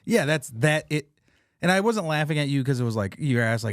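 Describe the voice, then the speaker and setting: A man's voice: fairly high pitch, fairly quick, no room sound, studio quality. A man hosting a podcast in loose casual chat, swearing and laughing often. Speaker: podcast host and comedian.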